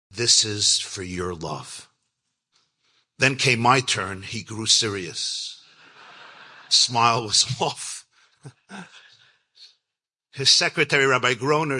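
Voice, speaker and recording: A man, a rabbi, telling a personal story in an earnest, reflective way, with lively shifts when he acts out quoted lines. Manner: animated, acts out quoted lines with big pitch jumps. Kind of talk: storytelling talk.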